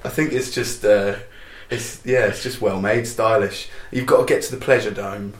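A man co-hosting a casual chat about pop charts, jokey and quick to laugh. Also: on the low side, fairly even intonation, reverberant. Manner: jokey, laughs often, puts on silly voices. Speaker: podcast co-host.

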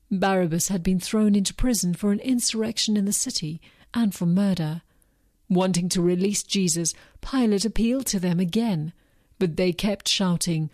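A woman reads a scripture passage aloud in a plain, even way. Her voice is mellow and warm at a middle pitch. The recording is dry and close. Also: moderate pace, no echo. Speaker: reader. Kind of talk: scripture reading.

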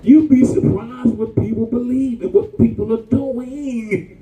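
A man preaching a sermon, animated and colloquial, calling out to the congregation. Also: very high voice, unhurried, echoey room, recorded from a distance, low-quality recording.

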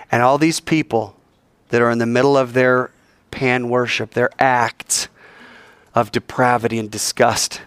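A man's voice: mid-range voice, unhurried, clear, resonant tone, dry recording. A man preaching a sermon, telling the story with energy and acting out the voices of the people in it. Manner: animated storytelling, acts out voices, swings from loud to soft.

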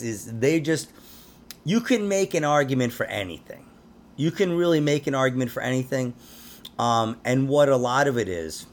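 A man hosting a conspiracy podcast, chatting casually in a rambling way and laughing often. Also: mid-range voice. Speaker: podcast host.

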